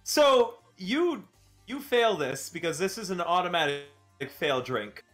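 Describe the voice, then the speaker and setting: A man's voice: sits high, lively intonation, measured pace, fairly bright tone, soft background music. A man narrating a tabletop game as game master, playful and often laughing.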